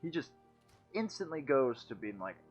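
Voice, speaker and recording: A man's voice: mid-range voice, sing-song, normal speed, dull audio, soft background music. A young man joking and teasing his friends as he comments on a video game, laughing often. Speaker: let's play commentator. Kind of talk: casual gaming banter.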